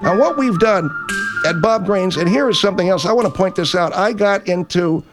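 A man's voice: high voice, moderate pace, over music, natural voice. A man playing a blustery grocery-chain boss. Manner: blustery, rambling, self-correcting. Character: brash older male grocery chain owner hosting a radio show. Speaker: radio host character. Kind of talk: improvised comedy radio bit.

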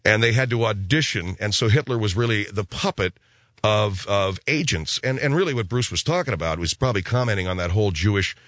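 A man's voice: lowish voice, animated, brisk, fairly bright tone, no room sound. A middle-aged man hosting a show, chatting casually about listener mail in a rambling way, often repeating and restarting words. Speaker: radio show host.

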